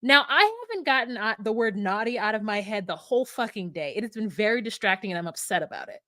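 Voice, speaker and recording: A young adult woman co-hosting a casual recap podcast, talking in an animated way and acting out quotes. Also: mid-range voice, fast, dry recording, studio quality. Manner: animated, acts out quotes from the show. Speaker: podcast co-host recapping a reality show.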